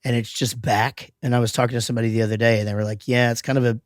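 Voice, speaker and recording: A man's voice: mid-range voice, little pitch movement, rapid-fire, no room sound, clean studio sound. Rambling man in casual chat. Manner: rambling, many restarts, swears freely. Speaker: podcast host.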